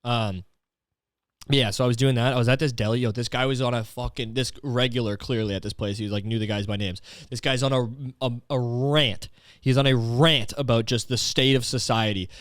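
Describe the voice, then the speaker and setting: A man's voice: mid-range voice, steady tone, brisk, smooth, no room sound, clean studio sound. A man hosting a comedy podcast, rambling through a story with lots of swearing, fillers and restarts. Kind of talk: casual comedic monologue.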